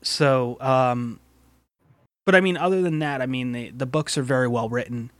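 A man's voice: mid-range voice, normal speed, a bit bright, dry recording. A man hosting a casual podcast, rambling with frequent laughs and casual swearing. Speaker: podcast host and game master.

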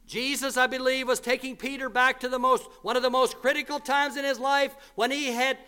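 A man preaching an earnest sermon, repeating key lines for emphasis and slowing down when quoting scripture. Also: extremely high pitch, level tone, sharp tone, clean tone.

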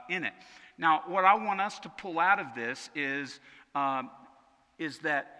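Bright-voiced preacher in a reverberant hall. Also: male voice, on the high side. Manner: conversational, repeats words as he restarts. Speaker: pastor. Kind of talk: sermon.

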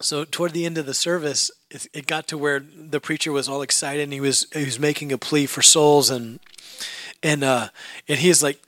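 High-pitched guy preaching, acts out stories and quizzes the crowd, dry close sound. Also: moderate pace, no room sound. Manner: animated storyteller who asks the congregation questions and acts out scenes. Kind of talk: storytelling sermon.

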